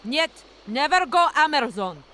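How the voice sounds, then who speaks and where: An actress playing a blunt barge wife in a game, with a Russian accent and broken English. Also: female voice, sits high, big pitch swings, measured pace, bright, forceful tone, full character voice. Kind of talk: game voice acting.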